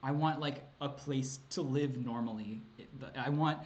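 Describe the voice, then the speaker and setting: A man's voice: mid-range voice, normal speed, muffled recording, a little hiss or hum. A man answering chat questions on a casual livestream, rambling and hesitant with many ums and likes, laughing often and swearing casually.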